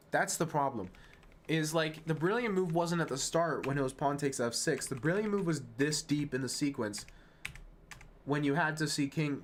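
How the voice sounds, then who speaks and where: A man streaming chess, talking fast and self-mocking through move lines, dropping to quiet muttering when frustrated. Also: mid-range voice, slight background noise. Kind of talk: casual live-stream game commentary.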